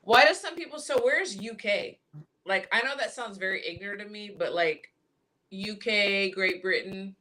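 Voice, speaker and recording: A woman's voice: medium pitch, moderate pace, bright, forceful tone. A woman hosting a boxing podcast, chatty and giggly in casual panel talk over a video call. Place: hotel room in England, on a video call.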